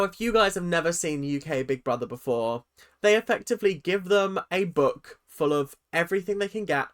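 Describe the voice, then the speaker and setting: A young British man chatting sassily and animatedly to his viewers in a casual reality-TV commentary rant. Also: a little high. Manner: chatty, sassy, animated, talks straight to viewers.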